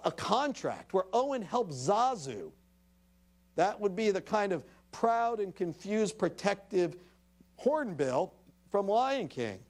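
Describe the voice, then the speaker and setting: Animated man giving a lecture. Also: fairly high pitch. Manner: animated storyteller who acts out dialogue; addresses the audience directly. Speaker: invited speaker. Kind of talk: public lecture.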